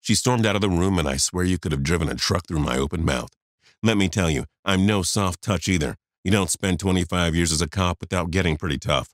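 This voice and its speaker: A man's voice: low-pitched, a little fast, dry recording, clean studio sound. A man in his fifties narrating a first-person story, confiding and talking straight to the listener.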